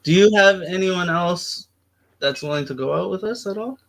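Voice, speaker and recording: A man's voice: high-pitched, moderate pace, creaky. Eager teasing man, faint hiss behind. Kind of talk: casual chat.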